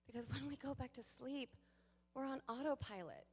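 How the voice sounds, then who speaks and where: A woman giving a sermon to a congregation, lively and playful, with laughing asides to the people in the pews. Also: high voice, normal speed, slightly rough. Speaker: guest speaker. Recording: long hall reverb.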